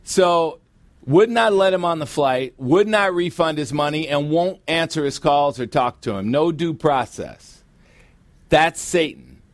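A middle-aged man preaching a sermon as pastor, with emphatic, drawn-out stresses. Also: a little high, lively intonation, no echo. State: sweating, warm from preaching. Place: church sanctuary.

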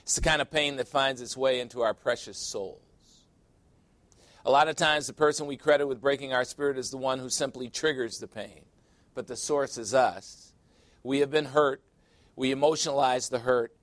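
Male pastor, confiding conversational sermon with quiet asides, mid pitch, dry close recording. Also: steady tone, moderate pace, no room sound. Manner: candid, confiding, often drops to a low aside.

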